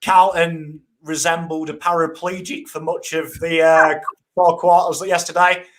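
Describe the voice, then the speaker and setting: A man's voice: a little high, little pitch movement, measured pace, background noise. A man co-hosting a casual footy chat, dry and teasing, with a lot of "I mean" fillers. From England. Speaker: co-host.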